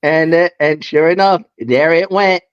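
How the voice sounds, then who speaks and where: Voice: mid-range voice, steady tone, a little slow, clean tone. A wrestling podcast co-host talking animatedly, repeating words and breaking into exclamations. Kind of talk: casual recap chat. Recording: dull lo-fi audio.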